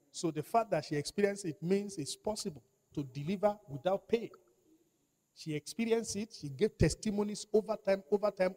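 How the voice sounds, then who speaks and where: A high-pitched, darkish-toned pastor preaches with emphasis, repeating key phrases. He calls out to his congregation for responses.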